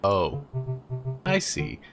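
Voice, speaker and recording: A woman voicing a weary, down-on-his-luck man in a game, speaking in a low, dry, deadpan way. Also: extremely slow, vocal fry, music in the background, full character voice. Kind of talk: voice-acting a game.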